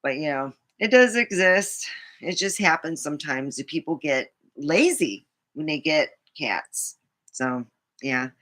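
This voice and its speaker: A woman's voice: low voice, lively intonation, measured pace, fairly bright tone. A middle-aged woman vlogging in a meandering casual monologue, full of fillers and frequent laughter.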